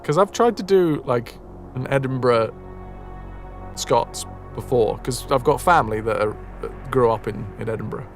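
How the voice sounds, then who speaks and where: A man's voice: medium pitch, moderate pace, soft background music. A man streaming a video game, chatting casually with his viewers, reading their messages aloud and swearing freely. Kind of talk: casual live-stream chat.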